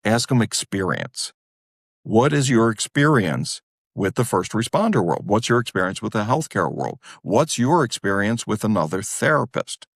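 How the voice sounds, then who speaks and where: Man, low voice, dry close sound, animated storyteller, middle-aged, podcast guest. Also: normal speed, creaky, no room sound. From Wilmington, Delaware. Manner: animated, self-deprecating, jumps into quoted voices. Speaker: guest therapist. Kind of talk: casual storytelling in a podcast interview.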